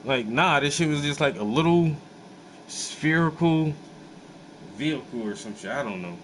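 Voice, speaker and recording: Dude telling a wild story in aave, relaxed and cussing, bit of hum in the room. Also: male voice, fairly high pitch, moderate pace, low-quality recording. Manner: animated, profane, laid-back storytelling with many fillers. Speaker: host. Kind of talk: casual storytelling.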